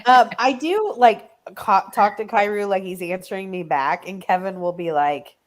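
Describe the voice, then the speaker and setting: A woman co-hosting a book livestream, telling animated casual stories full of "like". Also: mid-range voice, normal speed, hardly any pauses. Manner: animated storyteller, many "like"s. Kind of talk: casual chat.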